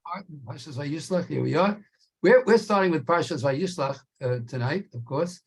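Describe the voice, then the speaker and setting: A man teaching a Torah class, explaining slowly and stretching key words for emphasis. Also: fairly high pitch, animated, husky.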